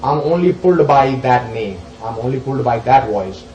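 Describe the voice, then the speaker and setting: Man, spiritual teacher, animated and emphatic, echoey room, faint hiss. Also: mid-range voice, fairly quick, highs cut off. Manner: animated, emphatic, shifts between loud questions and soft asides. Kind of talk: explaining scripture verses to a group.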